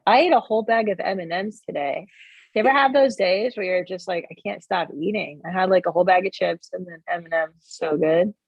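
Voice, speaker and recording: A woman's voice: on the low side, brisk, slightly rough, no room sound, highs cut off. A woman comedian in her forties from Canada, a guest chatting casually in an interview with a wry, joking manner.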